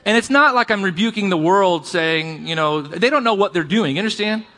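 A male pastor with a high, bright, ringing voice preaches a sermon. He keeps it conversational and checks in with his congregation as he goes. The sound carries the long reverb of a large hall. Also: animated, fairly quick.

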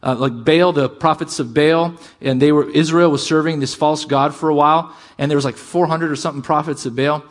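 A middle-aged man preaching a sermon as pastor, animated and shifting between loud emphasis and quiet asides. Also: fairly high pitch, brisk, hardly any pauses.

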